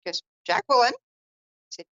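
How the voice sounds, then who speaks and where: On a radio show, a woman psychic tells a personal family story at a normal pace, voicing the relatives she quotes in a raised pitch. Her delivery is lively. The recording is dry and muffled.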